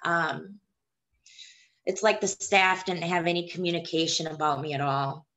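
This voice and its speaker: A young woman with a low, deep-set voice recounts her own experience. She speaks haltingly and hesitantly, in the plain way of a personal testimony. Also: fairly bright tone. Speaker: woman sharing her childbirth story.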